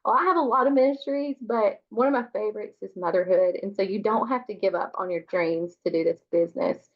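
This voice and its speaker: A woman's voice: mid-range voice, a little fast. A woman with a fever speaking earnestly on a group call, sliding into a preaching tone. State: has a fever. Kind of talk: casual testimony on a video call. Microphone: video call. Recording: dull lo-fi call audio.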